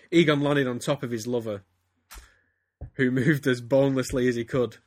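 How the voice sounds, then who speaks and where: A podcast host with a medium-pitched, fairly bright voice reads a story theatrically at a measured pace, breaking into laughter along the way. It's a comedic dramatic reading, recorded with studio quality and no echo.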